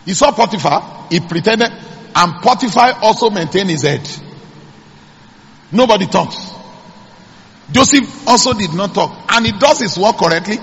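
A man's voice: sits high, expressive, normal speed, pauses often, a bit bright, husky. A man, preaching a sermon as pastor and calling out to the congregation. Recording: echoey church hall.

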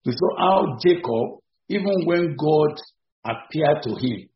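A man preaching an evening sermon in an emphatic, repetitive way, with sudden rises in pitch and loudness. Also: lively intonation, slow. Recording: echoey, dull-sounding room recording.

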